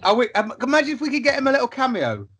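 A man co-hosting a podcast, chatting casually as an animated storyteller who swears freely and acts out the people in his stories. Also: very high voice, rapid-fire, husky. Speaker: podcast co-host. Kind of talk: casual chat.

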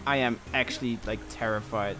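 A young man commentating his own gameplay, excitable and swinging between panic and cocky boasting. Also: medium pitch, fairly quick, over music. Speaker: gaming streamer.

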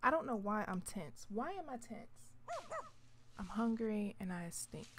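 A young woman hosting a gameplay channel chats excitably, talking to the game characters and slipping into whispered asides. Her medium-pitched voice keeps a measured pace over a crowd in the background.

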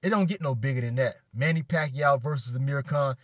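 A man's voice: medium pitch, fairly quick, no room sound. A man reacting on his vlog in a hyped, profane rant, getting emotional and choked up. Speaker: boxing fan vlogger. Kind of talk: excited fan reaction vlog.

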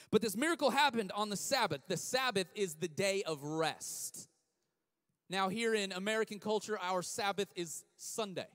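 Energetic male youth pastor, chatty sermon delivery, higher register, hall echo. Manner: energetic, conversational, acts out quotes. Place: church hall, streamed. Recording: long hall reverb.

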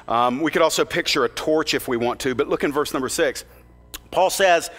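A man's voice: fairly high pitch, lively intonation, fairly quick, fairly bright tone. A man preaching a sermon as pastor, earnest and plain-spoken with conversational asides. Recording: long reverb of a large hall.

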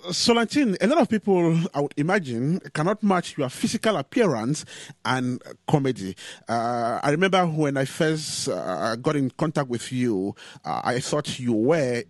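A man's voice: mid-range voice, no room sound, clean studio sound. A man hosting a radio interview, asking questions with frequent hesitations and fillers. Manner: hesitant, many "uh" fillers between phrases. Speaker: radio show host, interviewer.

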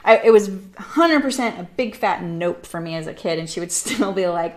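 A woman's voice: fairly low pitch, expressive, moderate pace. A woman in her forties from Southern California, hosting a sewing livestream and telling rambling stories with lots of fillers. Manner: chatty, rambling storyteller with frequent fillers and laughs. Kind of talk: casual chat while sewing. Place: home sewing room.

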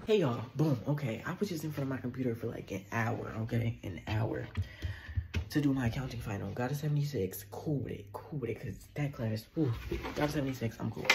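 A young man films himself on a phone, chatting straight to his viewers in a loose, emotional way. His voice sits at a middle pitch, with clear background noise of campus and traffic behind him. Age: young adult. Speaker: vlogger. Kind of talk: casual vlog. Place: college dorm and campus, in and out of doors.

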